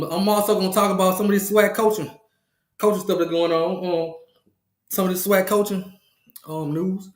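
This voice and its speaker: Man hosting a comedic podcast, high and bright, repetitive playful trash talk, echo and faint background music. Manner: playful trash talk, laughs often, repeats phrases. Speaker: podcast host. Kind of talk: casual comedic monologue.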